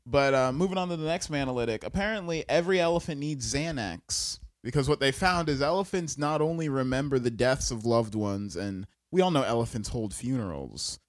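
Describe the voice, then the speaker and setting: A man hosting a podcast, talking in an animated, jokey way and swearing freely. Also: medium pitch, a little fast, hardly any pauses. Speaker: podcast host. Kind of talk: casual chat.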